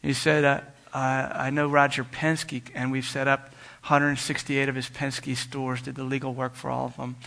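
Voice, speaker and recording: A man's voice: medium pitch, little pitch movement, normal speed, creaky, hardly any pauses, sharp tone. A man telling a personal story in a sermon, earnestly acting out both sides of a phone call, with frequent restarts. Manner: earnest, retells dialogue with many restarts. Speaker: preacher.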